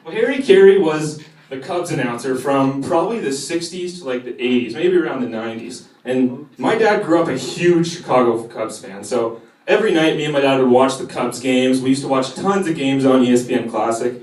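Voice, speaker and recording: A man's voice: medium pitch, lively intonation, a little fast, a little mellow. A young man doing a crude stand-up set, swearing and working the crowd in a cafe. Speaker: stand-up comedian. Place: cafe stage before a live audience. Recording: echoey room heard from a distance, crowd laughing.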